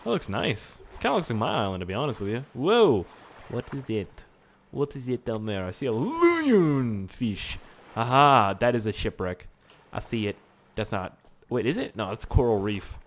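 A young man's medium-pitched voice swings widely in pitch at a normal speed as he plays a survival game. A gaming YouTuber, he gives casual let's-play commentary, rambling, joking and swearing a lot.

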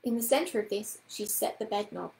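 A woman reading a children's book aloud as a storyteller, with calm, even narration. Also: medium pitch, normal speed, vocal fry. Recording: roomy echoing room.

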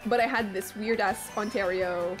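A woman's voice: mid-range voice, fairly even intonation, moderate pace. A French-Canadian woman with a Quebec accent, chatting casually and swearing while streaming a game, her voice strained from a sore throat. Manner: chatty, swears a lot, laughs often. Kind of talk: casual gaming stream chat. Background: game music.

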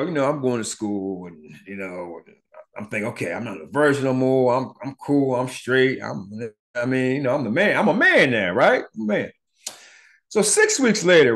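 A middle-aged man hosting a podcast, telling a personal story in a casual, profane way and acting out the voices of the people in it. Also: medium pitch. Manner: animated, profane, acts out voices in his retelling. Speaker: podcast host.

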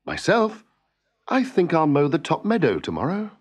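Man doing a high, calm farm wife. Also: moderate pace, husky, full character voice. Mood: soothing. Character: calm, capable farm wife, gently amused.

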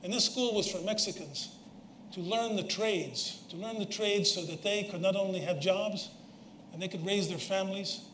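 A man's voice: sits high, normal speed, a bit bright, slight background noise. An older man giving a reflective public lecture to a live audience, with Spanish words woven into his talk. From United States. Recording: roomy hall echo, faint ambience.

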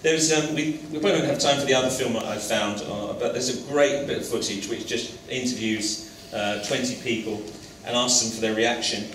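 A man's voice: medium pitch, fairly even intonation, a little fast, fairly bright tone, slight background noise. A man hosting an on-stage interview in a college lecture hall, talking hesitantly with many fillers and restarts. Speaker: interviewer, host of the talk. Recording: roomy hall from a distance.

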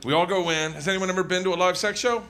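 A man's voice: high-pitched, racing, noisy background. A man doing stand-up comedy, a rambling storyteller who keeps laughing through his bits, hungover.

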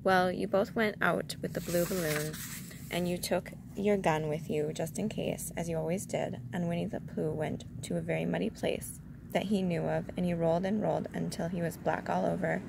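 A woman reading a children's storybook aloud in a calm, measured way. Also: fairly low pitch, creaky, background noise.

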